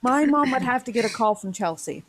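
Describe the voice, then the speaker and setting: A woman's voice: a little high, lively intonation, brisk. A woman co-hosting a podcast, telling family stories bluntly and swearing freely. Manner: blunt, profane storytelling. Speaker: podcast co-host. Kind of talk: casual chat.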